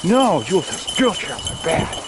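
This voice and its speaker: A man's voice: high-pitched, sing-song, normal speed. A man riding through snowy woods with his dogs, talking to them casually and coaxing them along with short repeated commands. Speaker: vlogger biking with his dogs. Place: outdoors in snowy woodland. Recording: outdoor wind noise.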